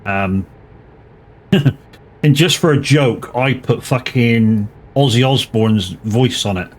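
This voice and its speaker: A man's voice: medium pitch, takes it slowly. A man, chatting casually and joking with plenty of swearing as a live streamer. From Plymouth, England. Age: 40s. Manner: joking and profane, laughs often. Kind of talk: casual chat while playing a truck driving game.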